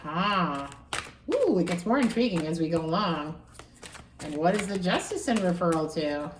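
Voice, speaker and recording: A woman giving a casual tarot reading, musing aloud and repeating phrases with animated excitement. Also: fairly low pitch, moderate pace, recorded from a distance, background noise. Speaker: tarot reader. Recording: echoey room, voice from off-mic.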